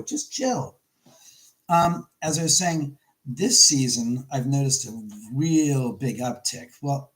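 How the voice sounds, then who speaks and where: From his home, a man hosts a casual live stream, rambling and pausing to greet viewers by name. His voice is mid-range, and the camera mic gives a rough recording.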